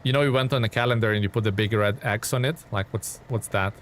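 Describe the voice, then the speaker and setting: A man's voice: lowish voice, quick pace, slight background noise. A man streaming a game live, chatting casually with viewers and rambling through his thoughts with frequent restarts. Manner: rambling, restarts often, answers chat by name.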